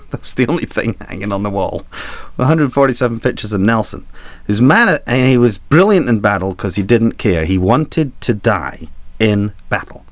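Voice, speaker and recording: A man's voice: lowish voice, no room sound. A man, a sailing trip guide, telling a rambling, irreverent anecdote full of fillers and asides. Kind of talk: anecdotal storytelling.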